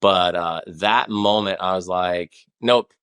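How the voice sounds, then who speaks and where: A man's voice: deep voice, slow pace, fairly bright tone, clear, resonant tone. A man in his forties, a guest on a podcast, talking in a rambling, passionate way with many restarts. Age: 40s. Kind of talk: casual conversation.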